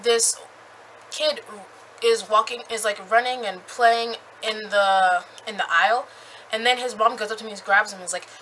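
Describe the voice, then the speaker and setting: A young woman recapping a book in a chatty, animated way with lots of fillers. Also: mid-range voice, moderate pace, slight background noise, low-quality recording. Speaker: book reviewer.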